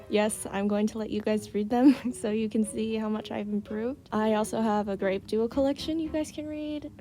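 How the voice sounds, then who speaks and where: A chatty young woman reads her old stories aloud, stopping to laugh and comment. Her voice is mellow and dark-toned with a gravelly edge. Faint music sits under her. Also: a little high. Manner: chatty, giggly, reacts to her own writing. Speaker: creator reading her old fanfiction. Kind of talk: casual reading aloud with commentary.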